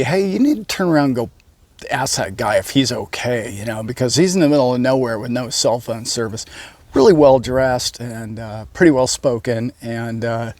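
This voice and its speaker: A man, a channel host, telling a story in a casual monologue that rambles, with many pauses and self-corrections. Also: medium pitch, a little mellow, no room sound. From United States. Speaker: channel host, boat captain.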